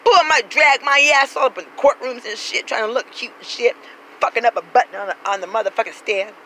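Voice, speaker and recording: Woman, brash, foul-mouthed, sassy storyteller, bright tense voice, acts out each quote. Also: on the high side, brisk, a little hiss or hum, low-quality recording. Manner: brash, swears constantly, acts out every quoted voice; street-talking and sassy. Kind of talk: profane comic storytelling rant.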